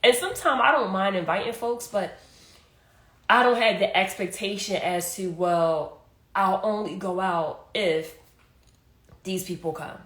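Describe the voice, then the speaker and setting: A young adult woman talks in a loose, conversational way, stressing her points with plenty of "hey" and "like". Her voice is middle in pitch and carries a noticeable roomy echo. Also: a little slow, a bit bright. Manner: conversational, repeats "hey" and "like", emphatic. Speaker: podcast host. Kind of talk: casual motivational talk.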